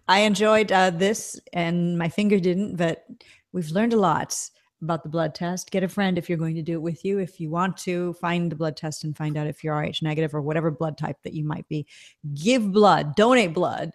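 A woman's voice: lowish voice, steady tone, moderate pace. A middle-aged woman hosting a casual livestream chat, reading out viewer comments, laughing often. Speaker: show host. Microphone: desk mic.

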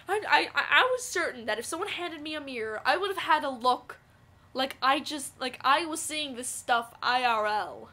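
A young woman vlogging, telling a story casually with lots of fillers and excitable outbursts. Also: high voice, normal speed. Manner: rambling, filler-heavy, excitable.

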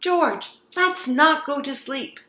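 A woman voicing an eager, excitable little girl piglet while reading a storybook aloud. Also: high voice, slow pace, voice pushed up, exaggerated voice. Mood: excited. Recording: roomy echo.

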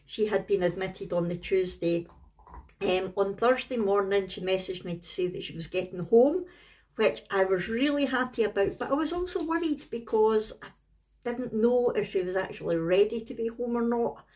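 A woman's voice: mid-range voice, moderate pace, a little mellow. A middle-aged Scottish woman, a family vlogger, telling a story to camera in a chatty, rambling way. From Scotland. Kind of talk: casual talking-to-camera vlog.

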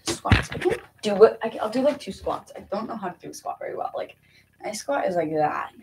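A woman's voice: medium pitch, animated, fast, darkish tone, slight background noise. A young woman chatting casually to her viewers while she exercises, giggly and nervous, talking to herself and a little out of breath. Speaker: vlogger.

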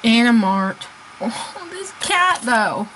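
A woman chatting casually as she unboxes toys, gushing and excitable, laughing often. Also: on the high side, slow pace, slight background noise, rough recording. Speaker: unboxing vlogger.

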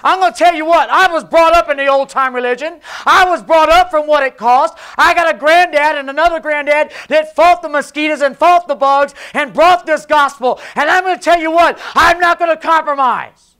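Male pastor, fiery revival preacher, middle-aged, big swings in volume. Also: normal speed. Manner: preachy, swings between loud and low, mocks voices. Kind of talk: Pentecostal sermon. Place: church sanctuary.

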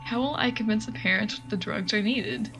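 A woman's voice: medium pitch, moderate pace, fairly bright tone, faint music behind, lightly acted, rough recording. A woman reading as a greedy scheming doctor.

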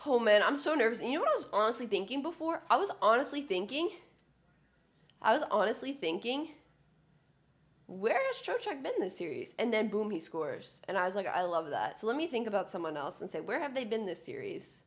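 A young woman giving a chatty live reaction to a hockey game as a fan, excitable and cheering loudly. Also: mid-range voice, fairly quick. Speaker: sports fan streamer.

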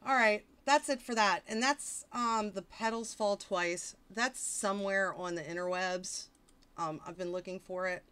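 A woman's voice: mid-range voice, measured pace, fairly bright tone, smooth. Wisecracking woman streamer reading aloud. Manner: wisecracking, mock-exasperated asides. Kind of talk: casual joking livestream reading.

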